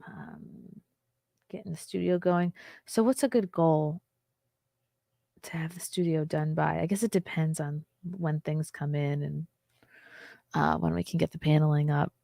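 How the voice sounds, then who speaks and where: A woman's voice: deep voice, steady tone, measured pace, creaky, pauses often, mellow, no room sound, studio quality. A woman hosting a casual livestream, candid and chatty, often laughing and reading viewer comments aloud. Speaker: livestream host.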